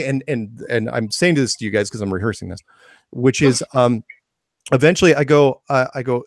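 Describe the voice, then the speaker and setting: A man's voice: mid-range voice, moderate pace, no echo, studio quality. A man being interviewed as a guest, talking enthusiastically in an impassioned rant, repeating and restarting phrases. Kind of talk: podcast interview.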